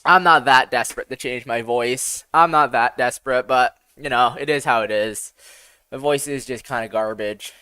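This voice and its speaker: A man's voice: mid-range voice, normal speed, bright, forceful tone, clean tone, no echo. A young man with a boyish voice chatting casually on a live stream, swearing a lot and running himself down in a rambling way. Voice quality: boyish, youthful-sounding. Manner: profane, self-deprecating, rambling.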